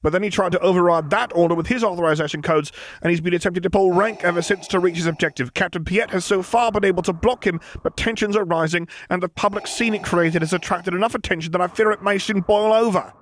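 A man reading a story, voicing a nervous young officer who explains in a rushed, anxious way. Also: high voice, slight background noise, voice pushed up, natural voice. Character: nervous young male officer, flustered and deferential.

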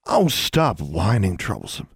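A gloating young wizard bully, put on by a male reader, taunting and pleased with himself. The reader's deep gravel colors the lifted voice. The recording is dry. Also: sing-song, a little slow, no room sound, full character voice.

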